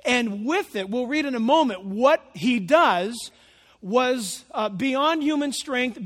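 A man with a very high voice preaches through a scripture passage, stopping for lively, chatty asides to his congregation. His words ring out with the long reverb of a large sanctuary. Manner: conversational, animated storytelling asides. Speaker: pastor. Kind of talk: expository sermon.

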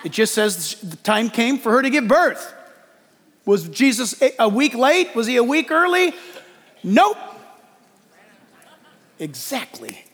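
A male pastor preaching a lively sermon in church, joking and acting out quotes as he goes. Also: very high voice, slow, long pauses, big-room sound. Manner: animated preaching with jokes and acted-out quotes.

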